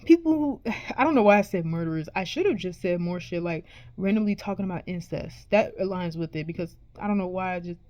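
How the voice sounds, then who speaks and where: A woman's voice: on the low side, lively intonation, brisk, warm tone, no echo, muffled recording. A woman vlogger ranting to her viewers in a casual, profane, exasperated way, rambling and restarting her sentences. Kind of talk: casual rant to camera.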